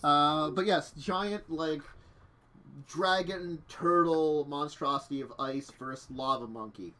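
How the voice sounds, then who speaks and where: A man's voice: fairly high pitch, slow pace, pushed and bright. A man running a tabletop game stream as game master, chatting casually and laughing at his own technical troubles. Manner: chatty, self-deprecating, laughs often.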